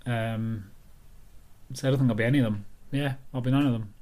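This is a Scottish writer running his own podcast alone, speaking briskly at a medium pitch with a darkish tone. He's rambling and chatty, poking fun at himself throughout a casual monologue.

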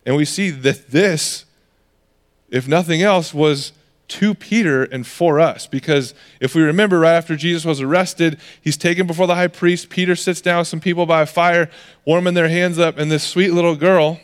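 A man's voice: fairly high pitch, normal speed, clear, resonant tone. A man preaching a sermon in a conversational way, acting out the voices of people in the stories he tells. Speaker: pastor.

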